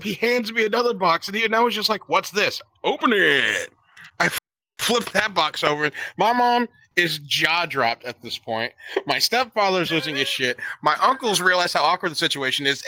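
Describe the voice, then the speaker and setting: A young man with a fairly high, pushed, bright voice hosts a podcast, recorded with no room sound. He casually retells an awkward story, laughing and acting out quotes.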